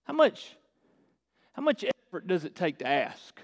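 A man's voice: high voice, a little slow. A man preaching a sermon, asking rhetorical questions and acting out the lines of the people in his story. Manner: animated, acts out dialogue, rhetorical questions. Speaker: pastor. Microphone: filmed on camera. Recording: long hall reverb.

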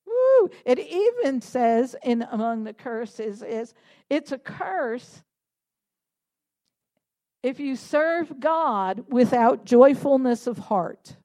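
A woman with a high voice preaches a lively sermon. She talks animatedly, laughs as she goes, and rises into fervent shouted prayer. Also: slow.

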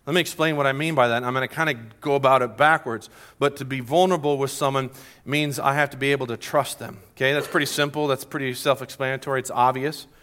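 A man's voice: mid-range voice, fairly bright tone. A middle-aged man preaching a sermon as a pastor, earnest, repeating key phrases and building to emphatic peaks.

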